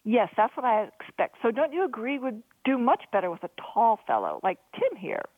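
Cheeky young sailor, read by a woman, wheedling banter, lifted pitch. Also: big pitch swings, slightly rough, no echo. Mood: teasing. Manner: wheedling, quick-witted banter. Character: cheeky young male ship's crewman, joking. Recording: dry, phone-like narrow sound.

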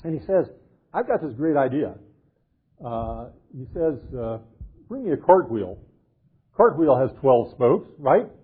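Older professor, tinny lecture recording. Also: male voice, medium pitch, expressive, unhurried, slightly rough. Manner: jovial, acts out quoted characters, reads old verse aloud. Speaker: literature professor. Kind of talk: animated lecture retelling a medieval tale.

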